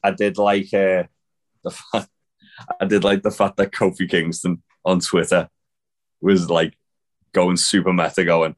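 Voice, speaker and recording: A man's voice: low voice, level tone, a little slow, pauses often. A man co-hosting a podcast, recapping wrestling in a rambling, casual way with lots of swearing and fillers. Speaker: podcast co-host.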